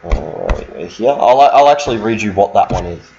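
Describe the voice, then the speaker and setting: Give me a low-voiced man running a tabletop game, flustered and cursing, on a muffled recording. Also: animated, normal speed, dark tone. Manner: flustered, swearing, reads card texts aloud. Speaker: game master. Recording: dull lo-fi sound, faint noise.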